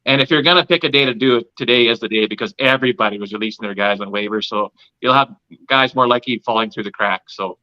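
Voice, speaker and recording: A man joining a podcast as a guest, explaining his point quickly and thinking aloud. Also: medium pitch, bright, forceful tone. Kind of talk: casual podcast chat. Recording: dull lo-fi sound.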